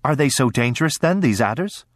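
A man voicing a worried, gentle mother who asks anxious questions, in a storybook reading. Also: mid-range voice, animated, fairly quick, dry recording, studio quality, lightly acted.

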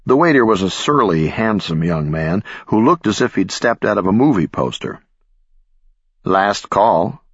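A man narrates an audiobook in a measured, expressive way. His voice is very deep and husky, with lively swings in pitch. The recording is dry and a little dull, with a lo-fi sound. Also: dry recording. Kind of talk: scripted narration.

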